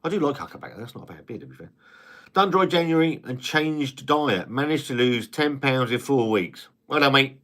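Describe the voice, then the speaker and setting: A man's voice: medium pitch, animated, normal speed, a bit bright. A man hosting a casual live stream, chatting, reading viewer comments, and rambling with frequent restarts and the odd swear word.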